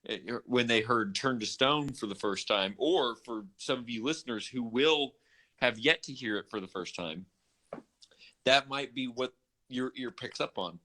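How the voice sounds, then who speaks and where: Bright-voiced chatty podcast man. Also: medium pitch, a little slow. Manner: chatty, restarts and self-corrects, animated. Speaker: podcast co-host. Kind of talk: casual music discussion.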